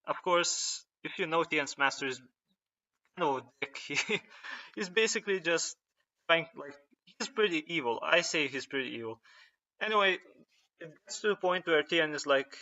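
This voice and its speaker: A man's voice: a little high, normal speed, pushed and bright. A young man casually retelling a story, rambling and hesitant, with many fillers and restarts. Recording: dull lo-fi recording.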